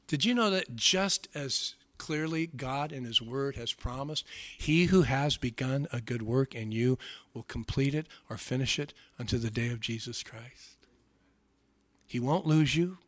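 A man preaching a sermon, animated, acting out voices and swinging from hushed asides to loud cries. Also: a little high. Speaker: pastor.

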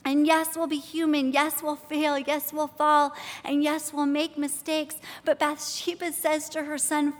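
A woman's voice: high voice, flat delivery, unhurried, hardly any pauses. A woman in her thirties giving a chatty sermon to a live audience in a church hall, asking questions and reading scripture. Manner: chatty, asks the audience questions, then prays and reads scripture. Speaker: women's ministry speaker.

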